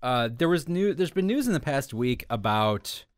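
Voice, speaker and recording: A man's voice: mid-range voice, sing-song, normal speed, clear, resonant tone, dry recording, clean studio sound. A man co-hosting a casual tech podcast, chatting in a rambling, self-correcting way. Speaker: podcast co-host.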